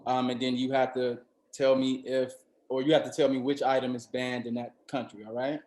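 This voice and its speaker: A man's voice: medium pitch, flat delivery, brisk, darkish tone. Upbeat male game host in a roomy echo. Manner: upbeat, reads out options. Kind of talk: hosting a comedy game.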